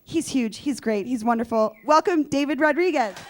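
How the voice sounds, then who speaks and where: A woman's voice: high-pitched, moderate pace. A woman hosting a show, introducing a guest comedian in an upbeat, hyping way. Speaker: show host.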